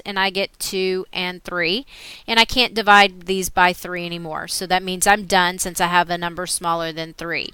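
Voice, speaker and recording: A woman math teacher talking through worked examples in a recorded screen lesson, explaining each step in a steady way. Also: mid-range voice, clear, resonant tone, no echo.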